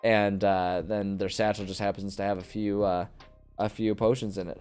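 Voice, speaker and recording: A man with a low, smooth voice talks casually on a live stream as he plans a tabletop campaign. He thinks aloud, rambles and corrects himself mid-sentence. He speaks into a desk mic, with faint music playing behind him. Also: flat delivery, moderate pace, a little mellow. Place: home desk, indoors. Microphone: desk microphone.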